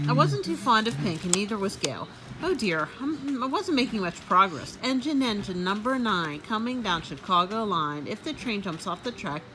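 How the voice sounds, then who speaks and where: A woman reading a children's book aloud in an expressive, animated way. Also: medium pitch, background noise. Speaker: storybook reader.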